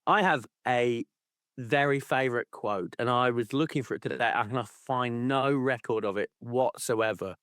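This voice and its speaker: A man co-hosts a football chat show, wandering from story to story and teasing his friend. His voice sits at an everyday middle pitch. It is recorded close and dry, with almost no room sound. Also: normal speed, fairly bright tone, clean tone, no room sound. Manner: rambling, teasing. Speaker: podcast co-host. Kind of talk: casual chat.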